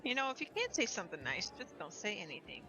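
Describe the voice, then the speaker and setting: A woman's voice: mid-range voice, very animated, fast, music in the background, low-quality recording. A woman streaming a video game, who reads its dialogue aloud and adds chatty, amused asides. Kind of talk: reading game dialogue aloud with live commentary.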